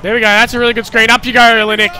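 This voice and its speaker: A man commentating his own basketball video game, cheering plays loudly and chatting casually to viewers. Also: extremely high pitch, little pitch movement, racing, soft background music. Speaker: gaming YouTuber. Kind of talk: live gameplay commentary.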